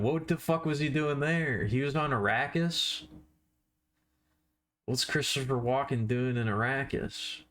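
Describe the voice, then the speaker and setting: A man's voice: medium pitch, a bit bright. A man chatting casually on a live stream while he draws, rambling and self-deprecating, with offhand swearing.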